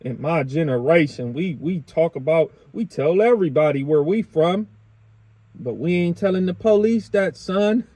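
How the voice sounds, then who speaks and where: Blunt high-voiced man, dark tone. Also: lively intonation, normal speed, dry recording. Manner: blunt, argumentative, street slang. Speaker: podcast host. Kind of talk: casual interview talk.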